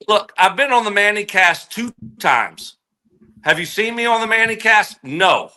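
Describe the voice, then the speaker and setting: A man's voice: high-pitched, lively intonation, a little slow, pushed and bright. A man in his forties, a former wide receiver and podcast guest, telling a story casually and animatedly, his voice jumping up when he replays his own outbursts.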